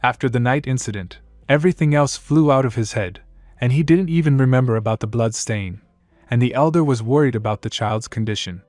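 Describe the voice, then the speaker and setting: A man reading a fan-fiction story aloud in a plain, steady narrating voice. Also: medium pitch, a little fast, no room sound, faint music behind.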